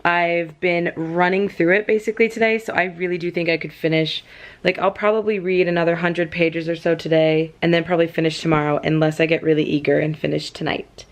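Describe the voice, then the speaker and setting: A woman's voice: on the low side, fairly even intonation, brisk. A young woman from Southern California chatting casually in a home vlog, rambling with lots of fillers and small laughs. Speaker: book vlogger. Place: at home indoors.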